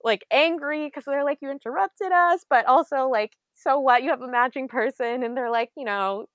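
A woman telling an excited story in casual chat, full of "like" and quoted asides. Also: high-pitched, moderate pace, no room sound.

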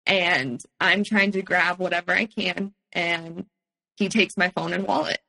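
A woman on a podcast recounting a personal experience candidly, in a steady conversational way with frequent "um" fillers. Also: on the low side, a little slow, vocal fry, poor audio. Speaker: podcast guest.

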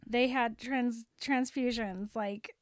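A giggly woman co-host chimes in on a book chat with an unhurried, slow delivery. Her voice is a touch higher than average and recorded dry and close. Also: fairly even intonation, dry recording. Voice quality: giggly, reactive. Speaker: podcast co-host.

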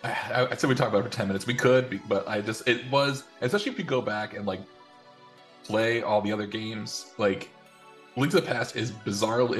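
A man's voice: fairly low pitch, a bit bright. A man in his thirties chatting casually as podcast co-host, rambling and restarting his sentences. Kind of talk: casual chat.

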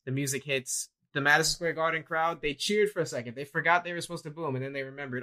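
Animated young man telling a story. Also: on the high side, quick pace. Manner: animated storyteller, acts out quotes. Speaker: co-host. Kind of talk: casual chat.

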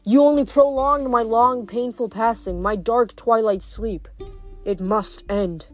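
A woman voicing an ancient, fading male nature god, speaking softly and sorrowfully. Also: on the high side, fairly even intonation, dry recording, soft background music, lightly acted. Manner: soft, slow, sorrowful delivery.

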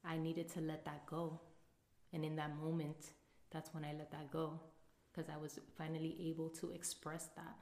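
A woman with a lowish voice co-hosts a casual podcast. She talks in an earnest, reflective way. Her voice carries a roomy echo. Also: completely flat delivery, moderate pace, a little mellow. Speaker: podcast co-host.

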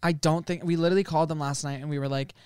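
A man's voice: fairly high pitch, steady tone, rapid-fire, a little mellow, smooth, dry recording, clean studio sound. A young man co-hosting a podcast, bantering in an offhand, jokey, easygoing way. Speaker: podcast co-host. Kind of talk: casual chat.

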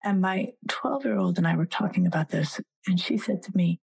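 A woman's voice: lowish voice, brisk, gravelly, few pauses, a little mellow, husky, poor audio. A woman in her forties, a psychologist and author, talking as a guest in a podcast interview and animatedly telling stories, acting out the voices of the people she quotes.

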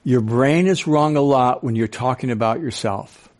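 An older man in his sixties speaking to a live audience, animated, firing questions at them and telling stories with acted-out quotes. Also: medium pitch, normal speed.

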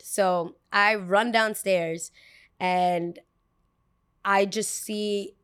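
A young woman telling a story in a casual, slangy, animated way. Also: mid-range voice, extremely slow, long pauses, clean tone, dry recording, clean studio sound. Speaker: podcast host.

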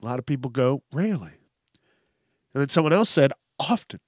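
A man's voice: medium pitch, expressive, a little fast, dry recording, clean studio sound. A man hosting a solo podcast, joking and cursing often as he talks through listener questions. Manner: profane, joking, laughs often. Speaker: podcast host.

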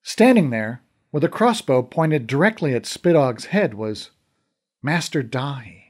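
A man's voice: mid-range voice, lively intonation, measured pace, a little mellow. A man reading a fantasy novel aloud in first person, with wry, conversational storytelling. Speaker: audiobook narrator. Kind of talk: scripted first-person narration.

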